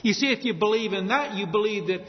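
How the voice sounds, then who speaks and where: A man's voice: high voice, fast. A man preaching a sermon, emphatic and building to bold declarations. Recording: dull, muffled sound in a large reverberant hall.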